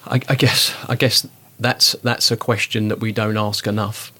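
A man in a relaxed discussion, talking in an animated, rambling way with lots of fillers. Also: lowish voice, normal speed. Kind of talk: conversational discussion.

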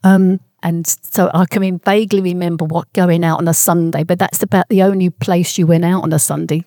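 An older woman recalling her East End childhood in a rambling, halting way. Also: on the low side, fairly even intonation, mellow, no room sound, studio quality. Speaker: interviewee. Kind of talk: oral history reminiscence.

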